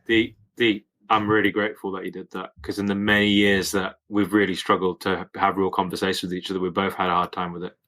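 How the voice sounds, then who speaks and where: A man with a low but bright, forceful voice talks in an encouraging, brotherly way. He swears casually and cheers the others on. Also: little pitch movement, fast, hardly any pauses. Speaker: coach. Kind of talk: casual group conversation.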